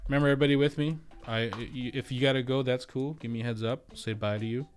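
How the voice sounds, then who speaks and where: A man's voice: medium pitch, steady tone, fast talker, faint music behind. Chatty man hosting a livestream. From United States. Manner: chatty, rambling, reads out viewer comments. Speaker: real estate agent and livestream host. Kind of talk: casual livestream chat. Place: home, streaming.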